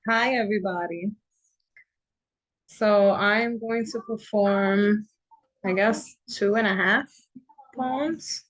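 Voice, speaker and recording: Woman poet, slow and hesitant, casual set-up talk over a video call. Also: medium pitch, rough recording. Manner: hesitant, with fillers. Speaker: performing poet. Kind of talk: casual chat.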